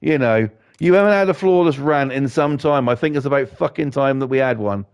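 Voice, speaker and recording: A man's voice: medium pitch, fairly quick, clear, resonant tone. A middle-aged man giving fired-up, rambling, profanity-heavy commentary while he streams a game. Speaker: gaming streamer. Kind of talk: ranting commentary while gaming.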